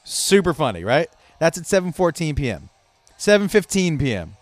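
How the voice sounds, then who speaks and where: A man hosting a comedy podcast, telling stories in a profane, animated way and laughing at his own jokes. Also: on the high side, normal speed, no echo. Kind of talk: casual comedic monologue. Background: faint rock music playing.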